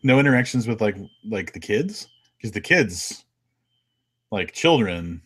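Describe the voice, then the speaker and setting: A man's voice: on the low side, sing-song, measured pace, a bit bright, breathy edge. An American man co-hosting a casual podcast, telling a travel story with many fillers and restarts. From United States. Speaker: podcast co-host.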